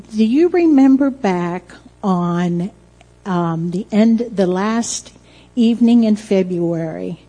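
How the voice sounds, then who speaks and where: An older grandmother speaks to a congregation in an unhurried, mellow voice. She is emotional and close to tears, telling a personal story straight to her granddaughter beside her. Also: medium pitch, big-room sound. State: tearful. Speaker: church speaker.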